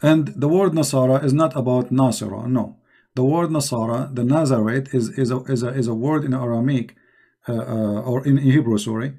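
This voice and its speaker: The host of a live religious debate stream speaks with a warm, medium-pitched voice that has a breathy edge. He's mocking and emphatic, repeating rhetorical questions over and over into his computer mic.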